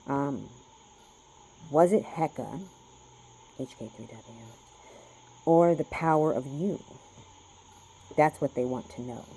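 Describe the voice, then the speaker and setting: A man's voice: a little high, slow, pauses often, mellow, slight background noise, poor audio. A man rambling through a spiritual card reading, swearing often and lecturing his listeners. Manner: profane, preachy, talks to himself. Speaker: spiritual vlogger doing a reading.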